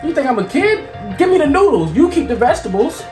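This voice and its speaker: A very high-voiced man from York, Pennsylvania, preaches motivation with energy and then slips into teasing banter. He sounds a little far from the mic in an echoey kitchen, with faint music underneath. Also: sing-song, quick pace. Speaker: motivational speaker and show host. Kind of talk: casual motivational talk while cooking.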